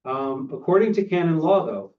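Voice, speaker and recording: A man leading a casual movie discussion, talking in a rather high voice, loose and chatty with plenty of ums and restarts. He sounds set back from the microphone, on a dull, muffled video-call recording. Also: lively intonation, moderate pace, far from the mic. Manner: chatty, with many fillers and restarts. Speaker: discussion host.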